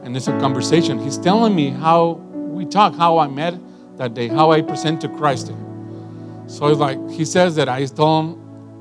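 A middle-aged man preaching a sermon in an animated, emphatic way, telling stories to a congregation. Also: a little high, normal speed. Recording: guitar and piano music underneath.

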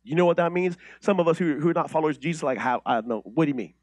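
Animated man preaching, husky and high. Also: rapid-fire, no echo. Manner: animated, swings from loud declarations to quiet intimate asides; conversational, with frequent restarts and rhetorical questions. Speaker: pastor. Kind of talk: sermon.

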